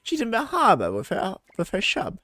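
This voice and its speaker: Brief: doting chatty cook voiced by a man, lively pitch. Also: moderate pace, dry recording, full character voice. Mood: fond. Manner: affectionate, chatty. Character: warm older village cook who dotes on others.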